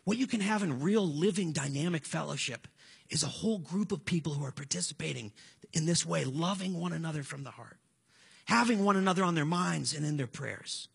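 Gravelly, bright-voiced male preacher. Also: fairly high pitch, fairly quick. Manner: conversational, storytelling, earnest. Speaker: pastor. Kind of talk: sermon.

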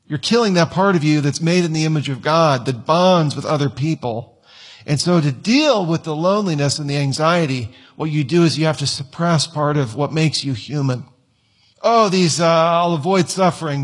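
Preacher, male, slightly high and husky, chatty sermon delivery with acted-out quotes. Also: moderate pace. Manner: conversational, acts out whiny quoted voices. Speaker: pastor. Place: church.

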